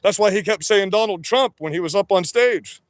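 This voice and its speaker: A man livestreams from his work shed, his voice pitched high and his sound dry and close. Wired on energy drinks, he rambles and curses without pause. Even when he is calm, he always sounds like he is yelling. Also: no echo. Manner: loud, rambling and profane, with many "you know"s. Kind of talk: livestream rant. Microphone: phone.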